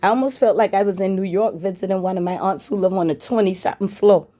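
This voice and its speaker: A woman's voice: mid-range voice, fast, warm tone. A woman telling a story to her viewers in a blunt, frank way, with swearing. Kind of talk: casual story time.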